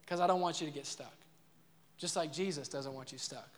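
A man's voice: on the high side, fairly quick, big-room sound. A man preaching a sermon as pastor, earnest and repetitive, asking the crowd questions.

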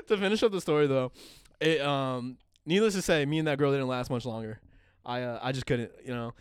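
A male podcast co-host tells a story in a casual chat, animated, cursing freely and laughing a lot. His mid-range voice moves at normal speed with a clean tone, and the recording is dry and studio quality.

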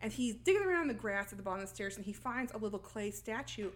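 A woman's voice: medium pitch, lively intonation, quick pace. A woman co-hosting a casual podcast, retelling a film's plot and laughing often as she goes. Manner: laughs often, acts out lines while retelling. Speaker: podcast co-host. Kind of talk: casual plot recap chat.

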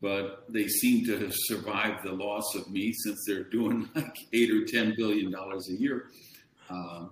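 A man's voice: fairly low pitch, fairly even intonation, unhurried. A man speaking as an interview guest, candid and self-deprecating, mocking other voices now and then. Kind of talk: casual interview chat. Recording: roomy echo.

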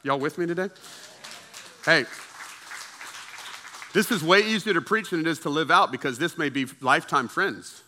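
Bright-voiced pastor preaching animatedly. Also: male voice, fairly high pitch, moderate pace, pauses often, some chatter behind, slight background noise. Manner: conversational preaching, acts out friends' voices. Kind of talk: sermon. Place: church service with congregation.

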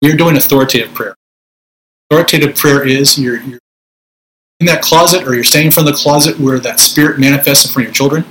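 A man's voice: medium pitch, fast talker, a bit bright, a little hiss or hum, low-quality recording. A middle-aged man, a Pentecostal minister, teaching spiritual warfare in a conversational preaching style, acting out prayers in a commanding voice.

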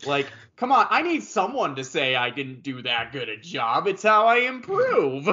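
A man who works as a voice actor, chatting casually on a podcast, animated and profane, laughing often. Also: a little high, moderate pace, dull audio. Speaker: voice actor guest.

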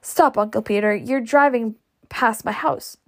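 A woman's voice: a little high, unhurried. A woman voicing a bossy, indignant older society matron who speaks firmly. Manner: firm, scolding.

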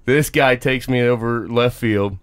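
A man's voice: mid-range voice, a little slow, clean tone, no room sound. A man co-hosting a casual podcast, telling a laid-back, profane story and laughing along. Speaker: podcast co-host.

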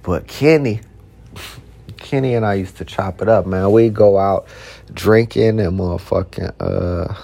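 A man with a deep, gravelly voice tells loose personal stories at an unhurried, drawn-out pace. His talk is slangy and full of profanity, circling back on words as he goes. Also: mellow. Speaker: podcast host. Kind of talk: casual storytelling monologue.

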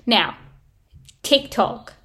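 A woman's voice: very slow, sharp tone. A young woman hosting her own podcast, ranting bluntly in a casual, sweary way full of "like". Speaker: podcast host. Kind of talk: casual solo podcast rant.

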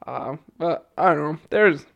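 A man's voice: on the high side, lively intonation, unhurried, gravelly, no echo, muffled recording. A young man casually telling a story as a podcast guest, chatty with lots of fillers and frequent laughs. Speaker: podcast guest, returned missionary.

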